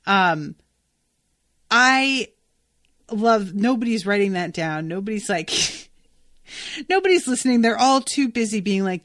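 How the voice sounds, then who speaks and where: A woman hosts a casual book-reaction podcast. She reads passages aloud, then breaks in with excitable, swear-filled reactions. Her voice sits in the middle range and sounds dry and close to the mic. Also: medium pitch, takes it slowly, pauses often, dry recording. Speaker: podcast host.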